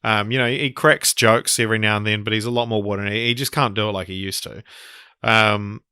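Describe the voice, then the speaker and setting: Give me a male podcast co-host chatting casually about films. His voice is clear and resonant with a forceful brightness. The recording is dry, and his talk wanders with frequent ums and restarts. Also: lowish voice, steady tone, fairly quick, dry recording. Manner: rambling, many ums and restarts. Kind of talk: casual film podcast chat.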